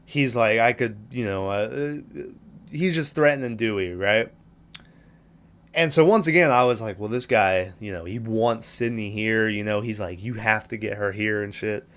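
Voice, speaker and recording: A man's voice: fairly low pitch, moderate pace, fairly bright tone. A man casually recapping a film on a podcast, rambling and swearing as he acts out characters' lines. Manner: profane, rambling retelling with quoted lines. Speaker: podcast host.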